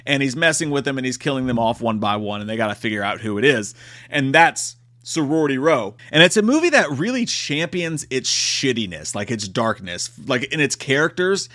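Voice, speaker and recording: A man giving a comedic movie review in a profane, animated way, acting out quotes. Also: mid-range voice, fairly quick.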